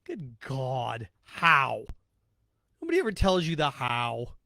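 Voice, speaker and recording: A man's voice: mid-range voice, wildly swooping pitch, slow, creaky, bright, forceful tone, no echo. A man hosting a sports talk podcast, ranting bluntly and sarcastically, repeating his points and mocking others. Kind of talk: opinionated solo podcast rant.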